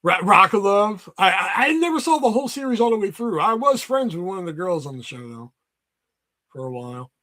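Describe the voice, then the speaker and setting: Dude livestreaming, high voice, kinda sharp and bright, rambling and cussing a lot while he fake-rants at chat. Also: big pitch swings, a little fast. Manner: profane, rambling, mock-angry ranting. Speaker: livestream host. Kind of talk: casual live-stream chat.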